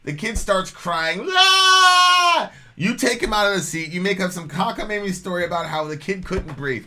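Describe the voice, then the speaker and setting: A man's voice: high voice, a little fast, bright, forceful tone. A man co-hosting a podcast, telling family stories in casual banter and teasing his partner in an argumentative way. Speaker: podcast co-host.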